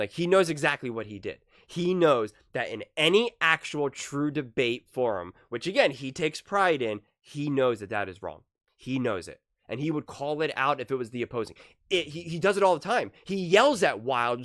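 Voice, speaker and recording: A man's voice: mid-range voice, fairly bright tone, no echo, clean studio sound. A man hosting his own sports commentary channel, arguing his points emphatically and repeating key words for stress. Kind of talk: solo sports opinion commentary.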